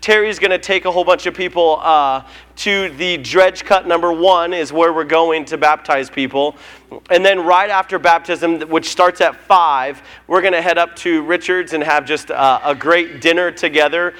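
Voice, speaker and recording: Joking pastor giving church announcements. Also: male voice, fairly high pitch, moderate pace, fairly bright tone. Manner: casual, joking, lots of fillers.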